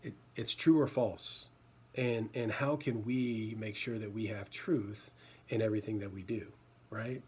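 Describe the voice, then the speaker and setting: A man's voice: lowish voice, fairly even intonation, a little slow, breathy edge. A man giving an informal sermon, chatting loosely with repeated words and fillers, then reading scripture aloud. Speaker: preacher.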